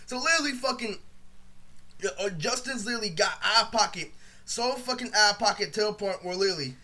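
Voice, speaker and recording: A man with a high, bright voice rants through a personal story, vlog-style. He talks in loose, rambling bursts, swears constantly and leans on filler words. The telling sounds aggrieved throughout. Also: expressive, a little fast. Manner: aggrieved, ranting retelling. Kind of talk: casual storytime monologue.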